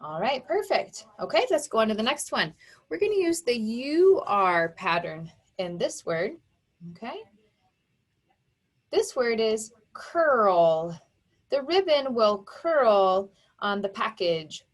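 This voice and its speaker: A woman teaching an online phonics lesson, speaking clearly and sounding out words one sound at a time for young children. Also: on the high side, big pitch swings, takes it slowly.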